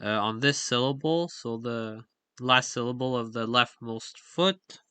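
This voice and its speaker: Guy talking slow and halting, lots of ums, bright clear voice. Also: mid-range voice, dry recording. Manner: hesitant, many fillers and self-corrections. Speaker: language hobbyist explaining stress patterns. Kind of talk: casual explainer with on-screen examples.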